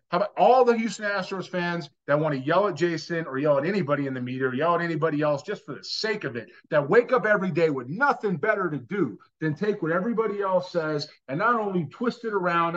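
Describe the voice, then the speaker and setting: A man's voice: fairly high pitch, a bit bright. A man co-hosting a sports podcast, ranting emphatically and with exasperation, restarting his sentences often. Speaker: podcast co-host. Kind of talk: casual sports podcast talk. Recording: dull lo-fi audio.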